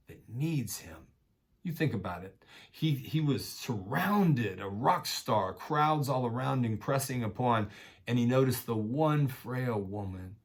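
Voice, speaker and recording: A man preaching a sermon in a casual, conversational way, full of slang, swinging between loud urging and quiet intensity. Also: mid-range voice. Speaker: pastor.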